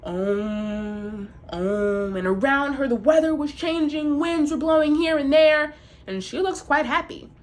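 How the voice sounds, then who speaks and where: A woman storyteller narrating a folk tale for a live audience. Her pitch is on the higher side and swings widely. She tells it in an animated way with playful asides. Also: normal speed.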